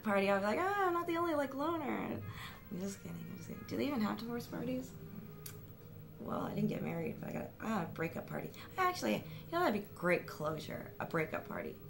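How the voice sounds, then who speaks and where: A young woman rambles to her camera at home, half joking at her own expense. Her voice keeps a gravelly fry at the ends of phrases. Music plays in the room behind her. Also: medium pitch. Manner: rambling, self-mocking, full of fillers and restarts. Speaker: vlogger. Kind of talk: rambling confessional vlog.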